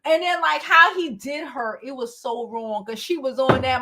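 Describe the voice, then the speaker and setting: A woman vlogger telling a casual storytime to her viewers, animated and profane, often breaking into laughter. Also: high-pitched, moderate pace, background noise. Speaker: beauty vlogger.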